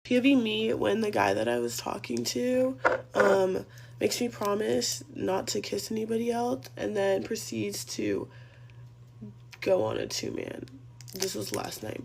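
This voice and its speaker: Young woman, chatty storytime vlogger, gravelly fry, faint hum behind. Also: on the high side, sing-song, unhurried. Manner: chatty, rambling, profane. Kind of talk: casual storytime vlog.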